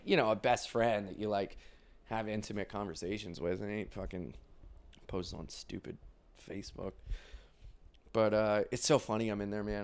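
Profane rambling man. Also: on the low side. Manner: profane, rambling, quick bursts, acts out quotes. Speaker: stand-up comedian. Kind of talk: casual storytelling monologue.

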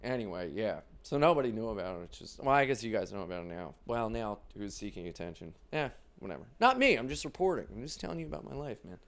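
Low, gravelly and animated, the voice belongs to a stand-up comedian rambling through stories in a casual monologue. He curses a lot, speaks in quick bursts, and acts out what people said.

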